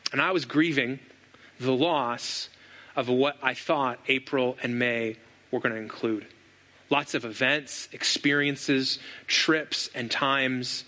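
A man's voice: medium pitch, a little slow, sharp tone. A man in his thirties, a pastor preaching an earnest, reflective sermon full of rhetorical questions.

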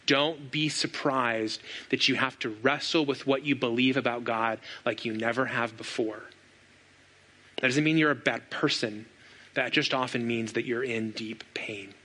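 A man's voice: medium pitch, bright, forceful tone. A man in his thirties, a pastor preaching an earnest, reflective sermon full of rhetorical questions.

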